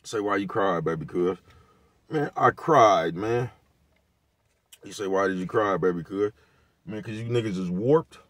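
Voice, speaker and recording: A man with a lowish voice speaks in in a loose, repetitive rant. He drops slang and profanity all the way through, recorded dry and close with no room sound. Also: moderate pace, long pauses, dry recording. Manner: laid-back, repetitive, peppered with slang and profanity. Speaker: vlogger giving commentary. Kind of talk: casual rant to camera.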